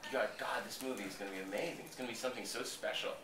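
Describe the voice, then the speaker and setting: A man's voice: mid-range voice, racing, noisy background. A man from Boston, an actor being interviewed, telling behind-the-scenes stories in a casual, profane way and acting out what others said. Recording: roomy echo, voice from a distance.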